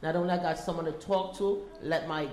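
In an echoey meeting room, a middle-aged woman volunteering at a community meeting shares an emotional personal testimony, pleading and repeating herself. Her voice is low, steady, and darkish, and she talks fairly quickly. There is slight background noise.

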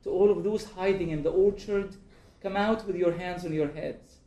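A man's voice: sits high, fairly even intonation, normal speed, dark tone, dull audio, close to an everyday voice. A man reading as a commanding soldier. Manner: barked orders, read aloud. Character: commanding male soldier on loudspeaker. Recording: echoey room.

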